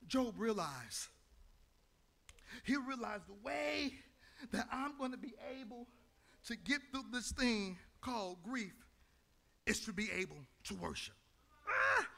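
High gravelly shouting preacher man. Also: expressive, unhurried, pauses often. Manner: builds to shouted, half-sung preaching. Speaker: pastor. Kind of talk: sermon. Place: church.

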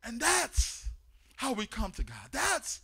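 Male preacher, high and bright, very lively delivery, shouts and chants, casual slang. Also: slow pace, vocal fry, slightly rough. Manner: animated, builds to shouting, chanting cadence. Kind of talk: sermon.

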